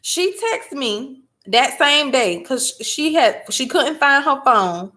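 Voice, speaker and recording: Animated woman telling a story. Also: high-pitched, takes it slowly. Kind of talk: casual chat.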